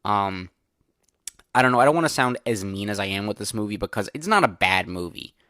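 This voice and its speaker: A man's voice: fairly low pitch, expressive, brisk, pushed and bright, no room sound, studio quality. A young man hosting a solo movie review podcast, chatting casually with lots of filler words and candid opinions.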